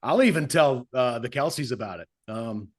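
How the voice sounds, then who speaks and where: A middle-aged man, a podcast co-host and former radio host, chatting casually and telling stories with animation. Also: mid-range voice. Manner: animated storyteller, quick to slip into voices. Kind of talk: casual chat.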